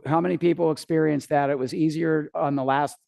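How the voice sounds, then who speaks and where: A man's voice: on the high side, fairly even intonation, a little fast, creaky, a little mellow, no echo. Swearing storytelling man on a seminar stage. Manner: storytelling, acts out his own panic; swears casually. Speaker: seminar speaker. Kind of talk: live seminar talk.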